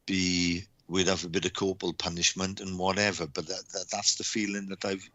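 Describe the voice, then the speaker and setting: A man giving live psychic readings on a stream, speaking haltingly with lots of repeated words and restarts. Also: deep voice, little pitch movement, sharp tone, no echo. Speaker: psychic reader.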